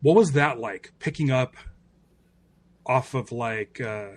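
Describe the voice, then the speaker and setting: A man's voice: mid-range voice, slow pace. A man hosting a podcast interview, asking casual questions with lots of fillers. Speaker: podcast host.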